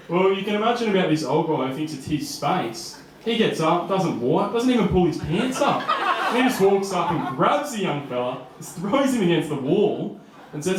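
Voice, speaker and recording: A man's voice: fairly high pitch, lively intonation, a little fast, background noise. A young man in his twenties with an Australian accent, telling a personal story live on stage in a casual, chatty way with frequent laughs and fillers. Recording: echoey room.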